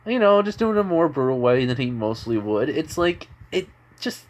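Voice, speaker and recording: Brief: young guy narrating a made-up fan story, rambling, middle pitch, very casual. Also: very animated, moderate pace. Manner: rambling, filler-heavy, chuckling. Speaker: amateur storyteller.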